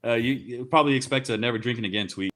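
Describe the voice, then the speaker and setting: Man, fast-talking rambler with a bright, sharp voice, swears freely. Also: medium pitch. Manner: rambling, swearing storyteller, gets heated. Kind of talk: casual profane chat.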